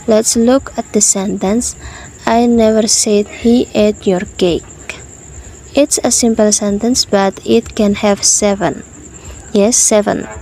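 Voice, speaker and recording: A woman's voice: medium pitch, dark tone, a little hiss or hum, poor audio. A woman presenting a scripted pronunciation lesson, explaining rules with light asides to the listener. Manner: conversational teaching tone with asides to the listener. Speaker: student presenter.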